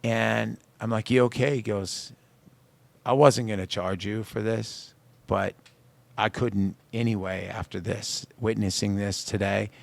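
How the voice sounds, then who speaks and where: Low gravelly man telling stories. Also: unhurried, dry recording. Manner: animated storyteller acting out quoted dialogue. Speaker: singer-songwriter guest. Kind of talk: radio interview storytelling. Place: radio studio.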